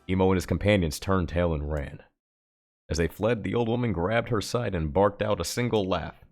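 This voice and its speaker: Low-voiced male streamer narrating a novel; casual reader, self-corrects on hard words, soft music bed. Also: moderate pace. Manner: occasional stumbles and self-corrections. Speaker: streamer reading a novel aloud. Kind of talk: dramatic book reading on stream.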